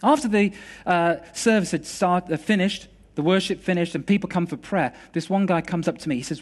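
Man, high-pitched, preacher, conversational storytelling sermon, animated delivery. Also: a little fast.

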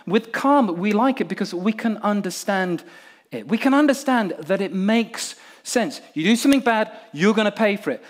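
A man from Nigeria preaching a sermon in an animated, humorous way, acting out crowd responses. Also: high-pitched, normal speed.

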